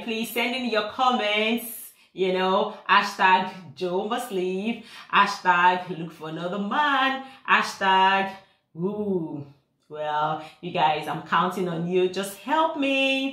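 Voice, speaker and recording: Woman doing a slow, bright-voiced Instagram wife. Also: medium pitch. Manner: gushing, social-media chatter. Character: vain young Instagram wife talking to followers. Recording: echoey room.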